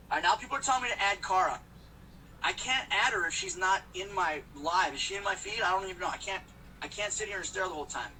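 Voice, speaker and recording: A man talks loosely to his viewers from the driver's seat, joking and rambling, in a fairly high, bright voice. He sits a little back from the phone, and faint road noise runs underneath. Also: fast, far from the mic, low-quality recording. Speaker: host of a live stream. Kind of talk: casual live-stream chat while driving. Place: in a car.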